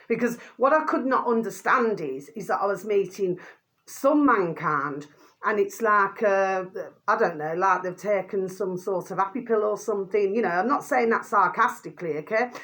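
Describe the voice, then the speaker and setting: A woman's voice: medium pitch, a bit bright. A woman vlogging an angry rant to her viewers, swearing mildly and calling them by a pet phrase again and again. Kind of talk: ranting monologue to camera.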